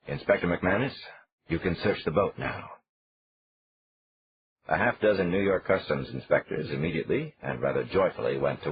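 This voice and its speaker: A man narrating a crime thriller audiobook in steady, lively storytelling. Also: sits low. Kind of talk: scripted narration. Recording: dull lo-fi audio.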